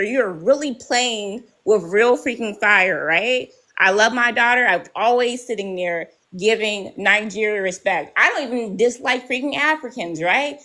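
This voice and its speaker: A woman's voice: on the high side, pushed and bright, rough recording. A woman arguing angrily in a live stream, confrontational and profane, often tagging her points with "right?". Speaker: live debate participant. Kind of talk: heated live-stream argument.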